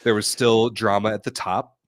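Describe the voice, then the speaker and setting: A man's voice: on the low side, level tone, moderate pace, no room sound, clean studio sound. A man co-hosting a casual livestreamed sports chat while fighting off a cold. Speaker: co-host.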